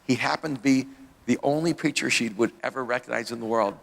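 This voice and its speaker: A man's voice: medium pitch, fast talker, vocal fry, a bit bright, long reverb tail. A man, a pastor, telling his life story as an interview guest, rambling with restarts and laughing at himself.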